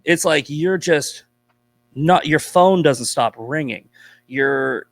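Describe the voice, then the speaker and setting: A man's voice: on the high side, slow, no echo. A man from Boston, a podcast guest, telling stories in blunt, profane casual chat. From Boston, USA.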